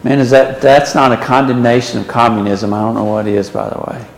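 A man preaching a sermon, swinging from loud emphatic questions to low, quiet warnings. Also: level tone, brisk, creaky, roomy sound, big-room sound, slight background noise, rough recording.

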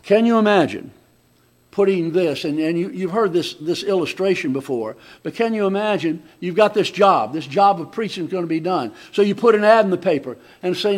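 A man preaching a conversational sermon, often restarting his sentences and swinging between loud emphatic lines and quiet asides. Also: high-pitched, animated, fairly quick.

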